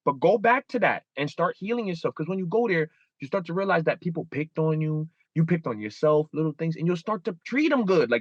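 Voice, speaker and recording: Guest, man in his 30s, candid and animated, higher voice, dry muffled recording. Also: brisk, few pauses, no echo. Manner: animated, acts out inner dialogue with shifting pitch. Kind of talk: candid interview talk.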